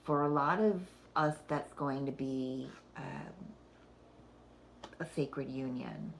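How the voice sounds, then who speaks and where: A woman's voice: rumbling low, steady tone, slow, vocal fry, a little hiss or hum. A middle-aged woman giving a casual spiritual card reading, rambling and thinking aloud, often breaking into laughter. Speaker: oracle card reader.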